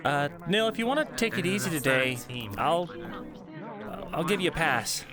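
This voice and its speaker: A man role-playing in character, talking with teammates in an animated, caring and slightly bossy way. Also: on the high side, moderate pace. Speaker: role-play player. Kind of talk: in-character role-play chat. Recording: music playing behind.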